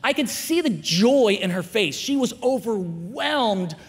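A man in his forties giving an animated chapel sermon to students, swinging between loud emphatic lines and hushed asides. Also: high voice, unhurried, husky. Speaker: guest chapel speaker. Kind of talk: energetic chapel sermon with storytelling. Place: school chapel, large room. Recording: long hall reverb.

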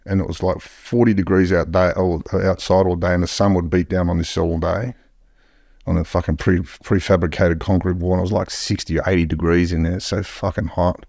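A man's voice: sits low, flat delivery, brisk, gravelly, a little mellow, dry recording, clean studio sound. An Australian man telling stories as a podcast guest in a blunt, heavily profane way. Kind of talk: casual storytelling.

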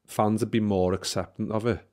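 A man's voice: on the low side, fairly even intonation, a little fast, darkish tone. Man, 30s, casual podcast chat, swears a lot, restarts sentences. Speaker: podcast host.

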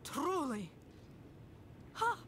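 A woman's voice: high voice, very animated, extremely slow, fairly bright tone, exaggerated voice. An actress voicing a friendly village woman in a video game, speaking with a strong accent and rolled R's. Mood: hospitable.

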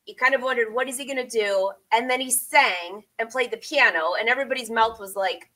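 A woman's voice: a little high, expressive, a little fast, bright, forceful tone, rough recording. A middle-aged woman chatting casually with viewers from her sewing studio, rambling and laughing often. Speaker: sewing vlogger and pattern designer. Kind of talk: casual live chat with viewers.

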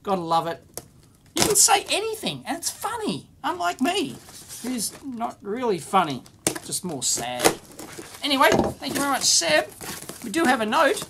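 A man's voice: extremely high pitch, wildly swooping pitch, normal speed, noisy background. A middle-aged man hosting an electronics video, unboxing viewer mail in casual commentary that is exclamatory, bluntly scornful and full of rambling asides.

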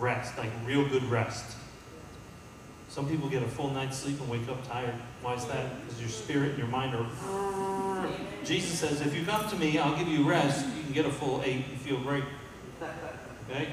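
A man's voice: medium pitch, normal speed, crowd noise. A man preaching a sermon as pastor, calling out to the congregation and building to emphatic peaks. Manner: call-and-response, rising to emphatic peaks. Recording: echoey hall from far off.

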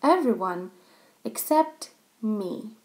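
A woman reading a children's story aloud, pausing to explain things to young listeners. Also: on the high side, animated.

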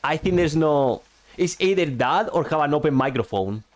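A man's voice: animated, normal speed. A man streaming a game, speaking English as a second language, rambling and joking at himself about his push-to-talk microphone. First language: not English. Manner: rambling, self-mocking, restarts often. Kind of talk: casual gaming chat. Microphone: gaming microphone with push-to-talk. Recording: low-quality stream audio with faint music.

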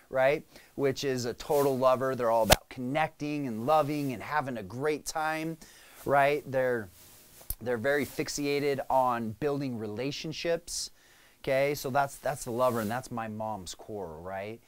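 Speaking unhurriedly in a mid-range voice, this man coaches viewers on business in a conversational style to camera. He regularly ends his points by asking "right?" or "okay?"

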